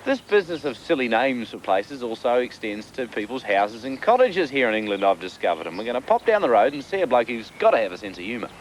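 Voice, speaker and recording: A man's voice: medium pitch, big pitch swings, rough recording. A man with an Australian accent, reporting live from outdoors in a jokey, chatty way. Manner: jokey, chatty, quick banter. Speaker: roving TV reporter. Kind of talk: light-hearted live field reporting. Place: outdoors on location. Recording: outdoor location noise.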